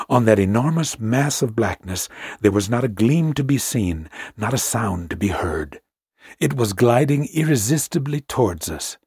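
Husky guy reading an old sea story, slow and hushed, dry close sound. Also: mid-range voice, dry recording. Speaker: audiobook narrator. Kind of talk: scripted narration of a classic sea story.

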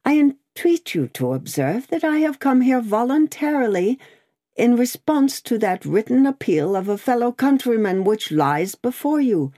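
A woman's voice: a little high, big pitch swings, normal speed, warm tone, no echo, studio quality, pitched above the performer's own voice. A woman reading an audiobook, voicing an anxious, indignant male prisoner in his late thirties who protests and pleads.

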